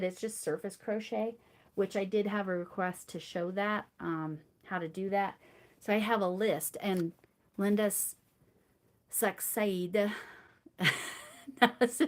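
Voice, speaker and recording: A middle-aged woman hosting a crochet livestream, chatting casually with viewers in a rambling way, with frequent laughs and restarts. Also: medium pitch. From United States. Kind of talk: casual chat with live chat viewers.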